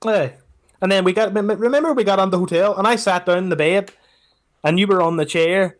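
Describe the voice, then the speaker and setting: A man with a Scottish accent, co-hosting a podcast and telling a travel story in casual, animated chat that is peppered with swearing. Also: sits high, a little fast. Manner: animated storyteller, swears, repeats "let me tell you something". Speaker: podcast co-host.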